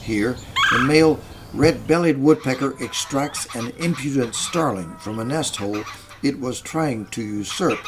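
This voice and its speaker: A man giving a measured, scripted narration for a nature video. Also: medium pitch. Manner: measured, explanatory. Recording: voice-over with steady background noise.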